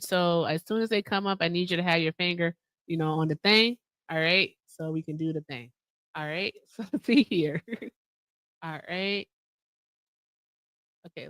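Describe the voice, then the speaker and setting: A woman's voice: fairly low pitch, fairly bright tone, clear, resonant tone, no room sound. A woman co-hosting a livestream, chatty and upbeat, laughing often. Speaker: livestream co-host. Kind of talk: casual livestream chat.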